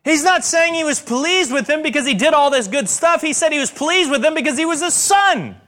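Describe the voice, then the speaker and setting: A man preaching a sermon as a pastor, with emphatic rises and slow, stressed repetitions. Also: very high-pitched, lively intonation, bright, forceful tone.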